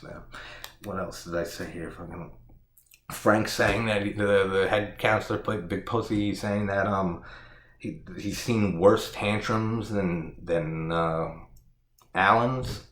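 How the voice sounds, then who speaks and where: A man's voice: lowish voice, takes it slowly, roomy sound. A man giving a casual, exasperated spoken movie review, full of laughs, swearing and "like" fillers.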